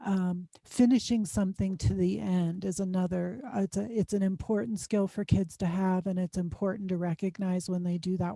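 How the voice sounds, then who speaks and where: A woman's voice: mid-range voice, steady tone, moderate pace, vocal fry, hardly any pauses, dark tone, dry recording. A woman speaking as a guest expert in an interview, explaining advice conversationally with frequent "um" fillers. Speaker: guest expert on student success.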